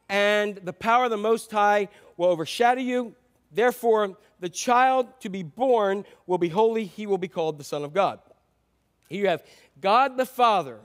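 A middle-aged man, a pastor, preaching a sermon in a conversational way with asides and restarts. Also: sits high.

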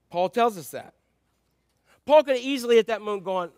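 A man preaching a conversational sermon, dropping to soft asides and rising to loud, emphatic passages. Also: high-pitched, expressive, fairly quick, no room sound, studio quality. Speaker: pastor.

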